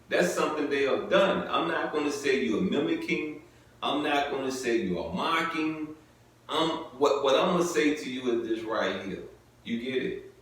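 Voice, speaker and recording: A man reading scripture aloud and commenting on it in a loose, conversational way, often asking "you get it?" and using informal everyday grammar. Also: medium pitch. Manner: conversational, repeats "you get it?" and "come on now"; informal vernacular speech. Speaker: preacher. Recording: very echoey, mic at a distance.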